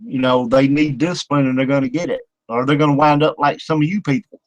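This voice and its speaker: An older man with a drawl hosts a casual radio talk, wandering from point to point with fillers and frequent chuckles. His voice sits at an ordinary middle pitch. The sound is dry and close, with no room around it. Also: fairly even intonation, fast, no echo, muffled recording. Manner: folksy, rambling, laughs often, many fillers. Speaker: radio show host.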